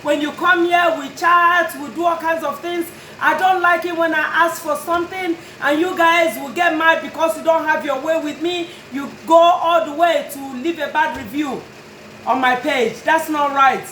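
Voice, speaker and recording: A woman's voice: high voice, fairly even intonation, moderate pace, bright, forceful tone, reverberant, slight background noise, low-quality recording. A woman who runs a notary business, speaking straight to her customers in an earnest, pleading but firm way. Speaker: notary and tag and title business owner. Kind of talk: direct-to-camera talk to customers.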